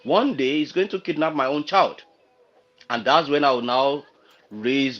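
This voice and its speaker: A man's voice: medium pitch, a little slow, fairly bright tone, lo-fi sound. A man from Nigeria on a livestream panel, talking unhurriedly, searching for words and citing proverbs. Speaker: panel guest. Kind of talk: casual discussion on a livestream.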